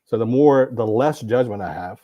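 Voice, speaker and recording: A man's voice: medium pitch, lively intonation, moderate pace, no echo, dull audio. A man talking on a podcast, emphatic and preachy, driving his points home by repeating words. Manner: emphatic, repetitive, preachy about masculinity. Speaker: podcast guest. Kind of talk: casual podcast conversation.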